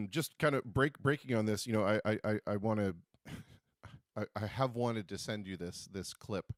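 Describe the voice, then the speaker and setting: A man's voice: lowish voice, no room sound, studio quality. Chatty man hosting a live stream. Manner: chatty, halting, repeats words when starting. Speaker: host of a live stream show. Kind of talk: casual live-stream chat.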